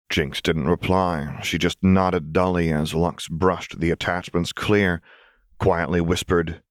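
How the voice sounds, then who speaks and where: A man with a very deep voice reads fan fiction aloud in a calm, measured storytelling manner. The recording is close and dry, with no room sound. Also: no room sound. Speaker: audiobook narrator. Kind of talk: scripted narration of fan fiction.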